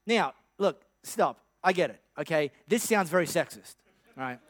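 High-voiced, playful male preacher. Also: lively intonation, unhurried, dry recording. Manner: humorous, playful storytelling. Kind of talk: sermon.

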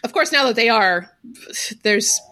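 A young adult woman co-hosting a podcast, chatting casually, blunt and animated, swearing freely. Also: fairly high pitch, measured pace, no echo. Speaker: podcast co-host.

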